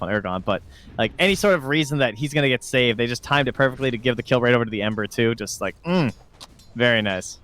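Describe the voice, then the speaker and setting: Canadian male color commentator, rapid casual delivery, mid-pitched voice. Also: sharp tone, slight background noise. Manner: fast, casual, lots of "like" and "dude". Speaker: esports analyst.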